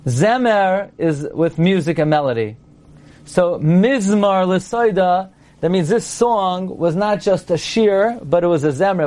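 A man with a fairly high voice teaches a class. He is playful and quizzing, and he sounds out his examples aloud as he goes. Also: a little mellow. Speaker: Torah teacher. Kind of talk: lecture to a class.

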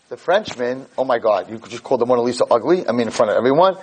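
A man giving a Jewish lecture, telling a story in an animated, digressive way. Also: mid-range voice, fast, hardly any pauses, slight background noise, rough recording.

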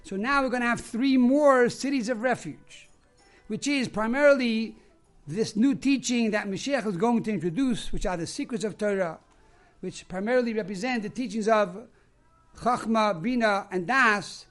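High-voiced man preaching a sermon. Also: normal speed, faint music behind. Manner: explains terms one after another, tells stories. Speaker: rabbi. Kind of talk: sermon with storytelling.

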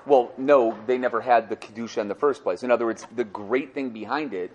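In a lively Torah class, a man with a medium-pitched voice explains sources to his students a little fast. He leans on rhetorical questions and repeated phrases as he teaches.

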